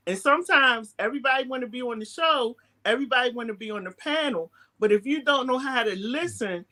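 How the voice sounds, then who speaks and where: A woman's voice: on the high side, sharp tone. A woman with a Baltimore accent hosting a talk show, speaking earnestly and reflectively. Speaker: host.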